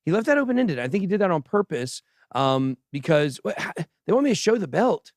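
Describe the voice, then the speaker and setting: A man hosts a crypto news livestream in a high, sing-song voice, talking a little fast. He chats casually and banters boastfully with his crew and the chat. The sound is dry and studio quality.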